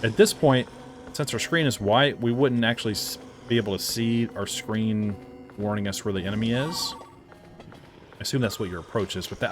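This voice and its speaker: Low-voiced man rambling over gameplay. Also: normal speed, soft background music. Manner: rambling and chatty, with frequent self-corrections. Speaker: game reviewer. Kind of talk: casual gameplay commentary.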